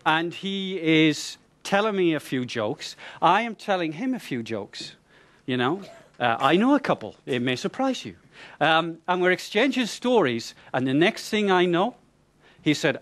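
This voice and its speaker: A man telling a funny anecdote to an audience, in a lively, chatty way with hesitations and repeated words. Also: fairly high pitch, measured pace. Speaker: speaker.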